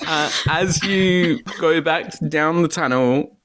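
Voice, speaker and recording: A man's voice: on the high side, slow, fairly bright tone, dry recording. A man running a comedic tabletop game as game master, joking and laughing often.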